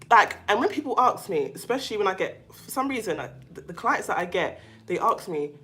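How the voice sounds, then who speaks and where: A woman's voice: on the low side, pushed and bright. A woman hosting a casual livestream, chatting to her viewers with lots of fillers and restarts, and reading out their comments as she goes. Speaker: livestream host on narcissistic abuse.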